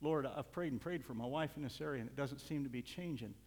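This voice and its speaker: A middle-aged man preaching a sermon as a pastor, moving from soft asides to loud, fervent outbursts, with small chuckles between points. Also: medium pitch, quick pace. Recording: reverberant hall.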